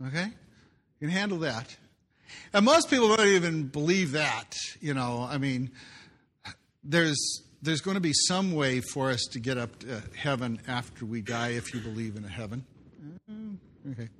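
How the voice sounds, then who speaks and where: A man's voice: medium pitch, fairly bright tone. A man preaching a sermon, reading scripture aloud and breaking in with jokey asides. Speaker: pastor.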